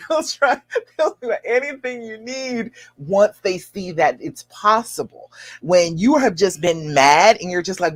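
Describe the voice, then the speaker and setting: A woman hosting a live stream as a love coach, reading out viewer comments and giving encouraging advice with lively jumps in pitch and frequent laughs. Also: a little slow. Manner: animated and encouraging, with big leaps up in pitch; laughs often while talking.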